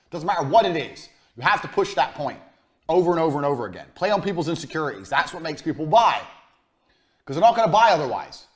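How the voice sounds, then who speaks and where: A man's voice: on the high side, big pitch swings, fast. A man giving a business lecture as a coach, blunt and profane, hammering his points home by repeating them.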